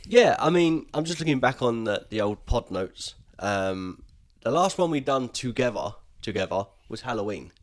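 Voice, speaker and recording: A man's voice: mid-range voice, very animated, moderate pace. Male podcast co-host, loose chatty delivery, lots of fillers and restarts. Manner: rambling, many ums and restarts. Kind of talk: casual chat.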